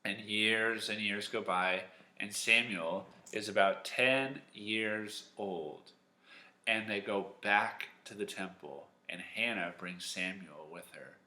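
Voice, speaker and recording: Animated man telling a Bible story. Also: lowish voice, slow. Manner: lively, animated storytelling with acted-out lines. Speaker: Sunday school teacher. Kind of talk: storytelling Bible lesson for kids. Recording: echoey room.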